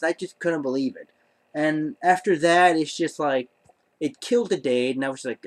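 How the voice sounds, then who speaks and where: Guy ranting casually to cam, kinda high voice, keeps tripping over his words. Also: normal speed. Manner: rambling, stammering restarts, exasperated disbelief. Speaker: vlogger. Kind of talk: casual storytelling to camera.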